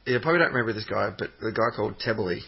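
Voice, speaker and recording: A man's voice: on the low side, very fast, gravelly, husky. A man co-hosting a football podcast, rambling casually with plenty of ums and hesitations. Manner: rambling, hesitant, many ums, animated when telling stories. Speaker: podcast co-host. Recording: dull lo-fi podcast audio.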